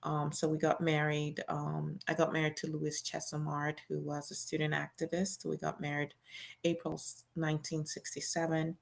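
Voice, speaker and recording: A woman with a low, gravelly voice reads a memoir aloud in the first person. She keeps it conversational, with casual fillers, like someone telling her own story. Her delivery is plain and unhurried. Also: completely flat delivery. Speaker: host reading a memoir aloud.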